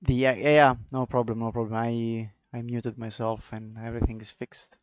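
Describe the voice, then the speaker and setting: A man's voice: medium pitch, flat delivery, moderate pace, smooth, no echo, dull audio. A man with an Italian accent, casually talking through trading charts live and chatting with viewers in a loose, offhand way. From Italy. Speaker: trading streamer.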